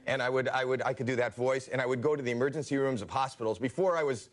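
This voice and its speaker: A man's voice: medium pitch, steady tone, rapid-fire. A man from Canada, a talk show guest telling comic stories with stammering restarts and a self-deprecating manner.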